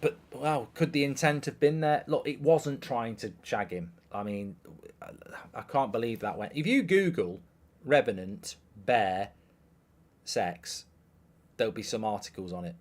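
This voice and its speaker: A man in his thirties speaks at a measured pace with a medium pitch and lively intonation. Hosting a live football watchalong, he chats casually and reads viewers' questions aloud in an offhand, dry manner.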